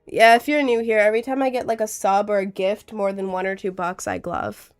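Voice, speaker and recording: A woman's voice: medium pitch, steady tone, a little fast. A young woman streaming live with a cold, chatting in a rambling, giggly way and reading out chat. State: has a cold.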